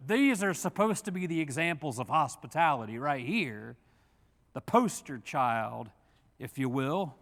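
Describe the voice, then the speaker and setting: Animated preacher in a reverberant church. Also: male voice, a little high. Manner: animated, folksy and humorous, with rhetorical questions. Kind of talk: sermon. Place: church sanctuary. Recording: long reverb of a church hall.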